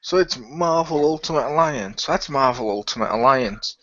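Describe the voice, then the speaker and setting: Podcast cohost guy, jokey and teasing, sharp bright voice, muffled dry sound. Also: medium pitch, animated, moderate pace, a little hiss or hum. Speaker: podcast co-host. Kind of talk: casual chat.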